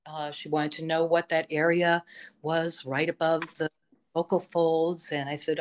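A woman who teaches voice, chatting as an interview guest and telling stories with enthusiasm, often pausing on fillers. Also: deep voice. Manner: enthusiastic storytelling, full of fillers. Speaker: vocal instructor, interview guest. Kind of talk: casual interview chat.

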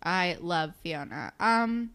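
A woman's voice: fairly low pitch, animated, slow, a bit bright, clear, resonant tone. A woman in casual chat who speaks bluntly, swears freely and gives strong opinions. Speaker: podcast co-host.

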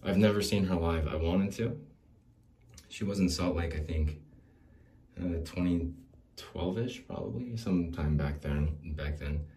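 A podcast host with a very low, dark voice delivers a solo, rambling monologue at a measured pace. He restarts sentences, relies on filler words, swears casually, and laughs between thoughts as he drifts from point to point.

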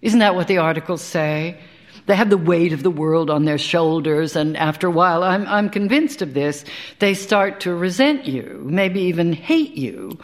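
A woman's voice: fairly low pitch, lively intonation, normal speed. Wry woman reading a story live. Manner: wry, conversational storytelling with dry asides. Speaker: actor reading a short story. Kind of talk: live dramatic reading of a first-person story. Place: live stage performance.

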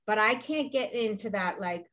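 A woman's voice: medium pitch, animated, normal speed, fairly bright tone. A middle-aged woman talking casually as a guest, rambling and acting out what people said. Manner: rambling, acts out quoted dialogue. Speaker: guest, Pilates studio founder. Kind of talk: casual conversation.

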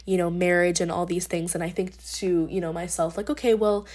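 A woman's voice: fairly low pitch, fairly even intonation, fairly quick, darkish tone. A young woman hosting a podcast, talking through her thoughts in a casual, rambling monologue with lots of fillers and restarts. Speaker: podcast host.

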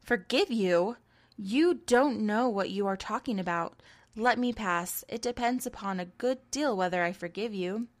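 A woman's voice: mid-range voice, a little slow, close to an everyday voice. A woman voicing a young society woman from a storybook, speaking earnestly and pleadingly. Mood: indignant. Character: young society woman, composed then agitated.

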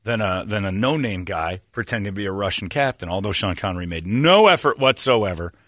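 A man hosting casual studio banter, an animated storyteller who swings his pitch around. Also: a little fast, no echo. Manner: animated storyteller, jumpy pitch, mock voices.

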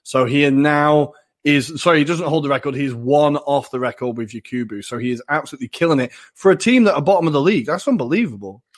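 A man co-hosting a football podcast, excitable and quick to laugh. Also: fairly high pitch. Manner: excitable, laughs a lot, swears casually. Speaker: podcast co-host. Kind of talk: casual football chat.

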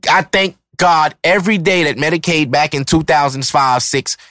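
A man's voice: on the high side, normal speed, sharp tone, no room sound. A man in his thirties hosting a podcast, ranting in a heated, profane, emphatic monologue. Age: 30s. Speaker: podcast host.

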